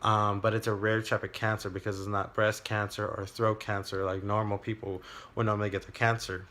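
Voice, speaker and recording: A young man, telling a personal story in a video diary, halting, with many fillers and restarts. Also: fairly low pitch, flat delivery, bright, forceful tone. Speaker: vlogger.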